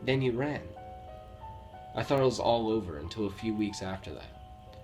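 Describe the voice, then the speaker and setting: A man from Romania with a Romanian accent, reading true scary stories aloud with a steady storytelling delivery and the odd slip. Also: fairly low pitch, normal speed. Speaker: horror story narrator. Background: faint background music.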